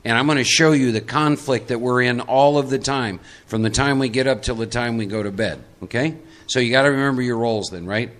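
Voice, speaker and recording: Bright-voiced man coaching a workshop crowd. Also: mid-range voice, a little fast, hardly any pauses. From Texas, USA. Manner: coaching, directs audience volunteers into roles; emphatic, repeats key points. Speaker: recovery workshop speaker. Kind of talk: live workshop talk to an audience.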